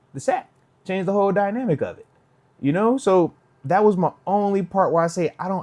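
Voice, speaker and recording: A man in his thirties hosts a live post-game show, reacting casually with lots of energy. He talks straight to his viewers and keeps his delivery loose. His voice sits in an ordinary middle pitch. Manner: animated, talks to chat, quotes players in put-on voices. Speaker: host, retired linebacker giving post-game reaction.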